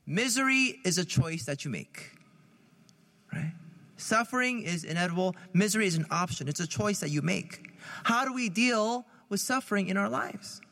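Priest, male, bright high voice, chatty sermon with questions to the congregation. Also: lively intonation, moderate pace, long reverb tail. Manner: conversational, asks questions, laughs at own jokes.

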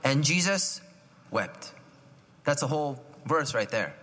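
A man giving a conversational homily, often asking his listeners questions and clearing his throat. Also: mid-range voice, animated, takes it slowly, a bit bright. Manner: chatty, asks the listeners questions, frequent "right?". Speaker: preacher. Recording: long hall reverb.

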